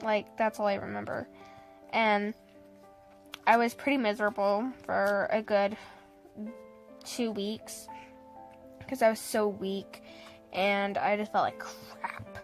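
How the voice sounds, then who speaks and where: A woman's voice: medium pitch, little pitch movement, takes it slowly, long pauses, soft background music. A young woman casually telling a personal story to the camera, laughing often and acting out what people said.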